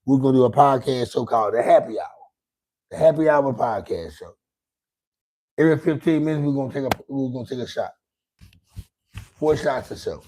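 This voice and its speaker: Speaking briskly with long pauses, this middle-aged podcast host has a dark, expressive, medium-pitched voice. His casual livestream talk answers the chat, full of profane rambling and singsong jabs at one chatter.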